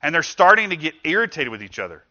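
Guy pastor preaching, chatty and lively, bright voice, kinda dull lo-fi sound. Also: fairly high pitch, quick pace. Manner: conversational, animated, acts out quoted voices. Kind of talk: sermon.

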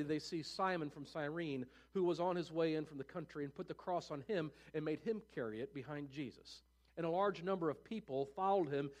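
A man preaching, reading scripture aloud and breaking in with casual, offhand comments. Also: a little high.

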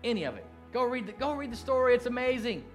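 A middle-aged man preaching a sermon, earnest, dropping to hushed slow lines and then rising into animated bursts. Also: very high voice, faint music behind. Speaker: pastor.

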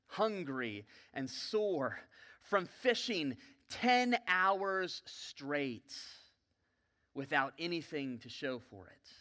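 Storytelling pastor with a bright voice. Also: male voice, fairly high pitch. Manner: vivid storytelling with sudden loud and soft swings; folksy, joking asides to the congregation. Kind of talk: sermon with dramatic storytelling. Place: church sanctuary.

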